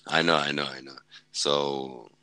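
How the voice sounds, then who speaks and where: Very deep flat-voiced Swedish man. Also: a little slow, dry recording, poor audio. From Sweden. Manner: rambling, blunt, swears freely, many restarts. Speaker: podcast guest, former fighter and medic. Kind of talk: casual podcast storytelling.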